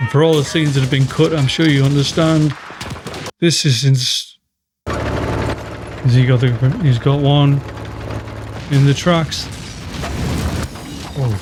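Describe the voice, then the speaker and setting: A man hosting a live movie reaction, talking emotionally to the screen and swearing as he watches. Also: fairly high pitch. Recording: noisy with loud film audio.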